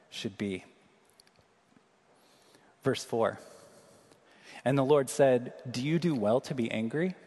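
A man preaching an earnest, emphatic sermon, slowing down to read scripture aloud. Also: medium pitch, a little mellow. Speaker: pastor. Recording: long reverb of a large hall.

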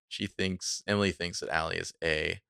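A man's voice: sits low, moderate pace, vocal fry, pushed and bright, clean tone, no room sound, clean studio sound. A man co-hosting a podcast, recapping a TV episode in a laid-back, chatty way with frequent laughs. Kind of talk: casual chat.

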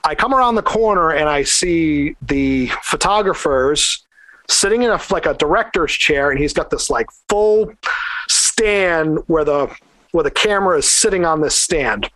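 A man with a slightly higher voice tells a long story in a casual, animated way, filling his talk with "like". The sound is dry and close, with no room around it. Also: a little slow, dry recording. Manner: rambling, animated, lots of "like" fillers. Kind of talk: casual anecdote.

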